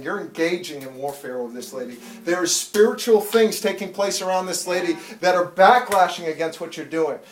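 A man in his thirties giving a fervent testimony in church, building from storytelling to loud, pleading prayer. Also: sits high, reverberant, recorded from a distance. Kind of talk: preached testimony.

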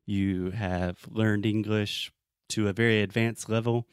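A man's voice: lowish voice, steady tone, a little slow, smooth, no room sound, studio quality. A man with a Southern US accent, an English teacher explaining in a casual chat, often acting out sample quotes. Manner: explains with acted-out example quotes.

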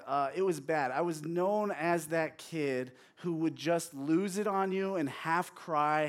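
A young man preaching a sermon through a funny personal story, acting out his childhood yelling and crying. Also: fairly high pitch. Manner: animated, acts out his own yelling and crying for laughs.

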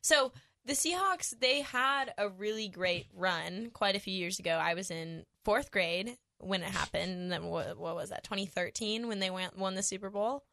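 Woman radio host, chatty and upbeat, bright tone, close dry mic. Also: mid-range voice, gravelly, no room sound. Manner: upbeat, chatty, quick to laugh. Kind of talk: casual radio chat. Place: radio studio.

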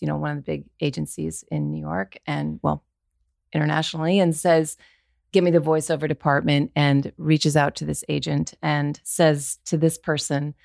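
A woman's voice: low voice, vocal fry, no echo, studio quality. A woman in her forties, a voiceover actor, telling a story in a conversational interview and acting out the lines she quotes. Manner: animated, acts out quoted lines.

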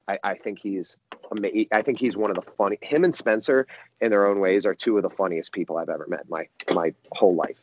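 A man telling a long story as a podcast guest, rambling and animated, with many restarts and fillers. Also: fairly low pitch, quick pace, muffled recording, slight background noise. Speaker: musician guest.

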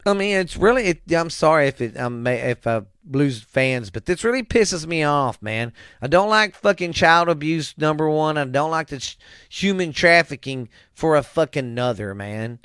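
A man with a slightly high voice pours out a profane, rambling rant at the close of his show. He swears in nearly every sentence and keeps circling back to how irritated he is. The sound is dry and close, with no room around it. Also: lively intonation, normal speed, fairly bright tone, clear, resonant tone, no echo. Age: adult with children. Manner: swears constantly, rambling and heated. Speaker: show host. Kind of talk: angry profane rant to listeners.

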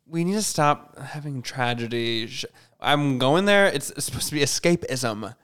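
A man's voice: medium pitch, lively intonation, normal speed, fairly bright tone, clear, resonant tone. A man co-hosting a podcast in casual chat, rambling and correcting himself, often laughing. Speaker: podcast co-host.

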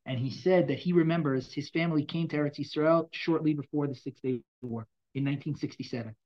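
A man teaching a Bible class, reading verses aloud and explaining them in a dramatic, animated way, from loud bursts to quiet asides. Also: fairly high pitch, fast talker, muffled recording. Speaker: Torah teacher.

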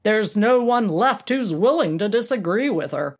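A woman's voice: medium pitch, lively intonation, normal speed, pitched above the performer's own voice. A woman doing a blunt middle-aged character actor. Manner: blunt, crude, matter-of-fact.

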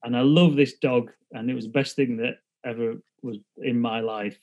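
A man voicing a plain-spoken man grieving his dog in a joke, low and earnest. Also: fairly even intonation, moderate pace, darkish tone, muffled recording, natural voice.

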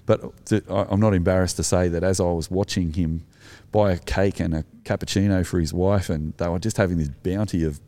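A man's voice: low-pitched, steady tone, fairly quick, hardly any pauses, warm tone. An Australian man, an Anglican minister co-hosting, telling a story in an earnest, reflective way. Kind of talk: conversational storytelling.

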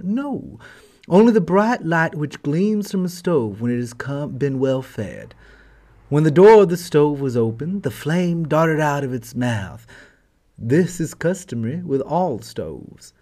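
A man narrating a fairy tale as host of a storytelling channel, gentle and affectionate. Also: fairly high pitch, big pitch swings, slow pace.

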